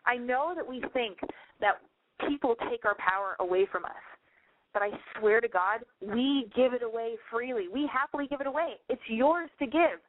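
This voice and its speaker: A woman's voice: a little high, normal speed, dry recording, narrow, tinny audio. Blunt, swearing woman giving advice on air. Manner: blunt and swearing, ranting, mimics callers with squeals. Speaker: radio call-in advice host. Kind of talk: call-in advice show.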